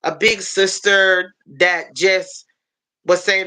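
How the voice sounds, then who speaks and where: A woman's voice: mid-range voice, measured pace, sharp tone. A woman hosting a casual livestream chat, rambling and restarting often, heartfelt and openly emotional. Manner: chatty, rambling with many restarts. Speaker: livestream host.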